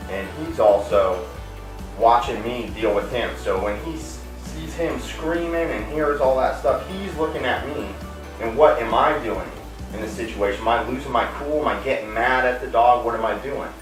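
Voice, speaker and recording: A man dog trainer explaining calmly to viewers while working a dog, breaking off into sharp high praise calls. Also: moderate pace. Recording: roomy distant camera audio with music.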